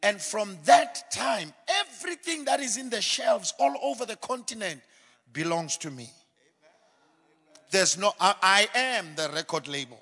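A man with a high, bright, forceful voice gives a testimony from a church platform. He tells his story dramatically, dropping to hushed asides and then climbing to shouted peaks. His voice rings with the long reverb of a large hall. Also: animated, unhurried. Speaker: guest speaker giving a testimony. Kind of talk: preaching testimony.

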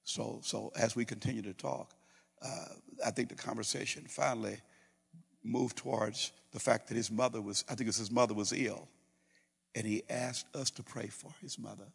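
A man's voice: fairly low pitch, fairly even intonation, normal speed, vocal fry, husky. A middle-aged man, a pastor, preaching a sermon in a storytelling way, acting out conversations and often restarting his sentences. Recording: reverberant hall.

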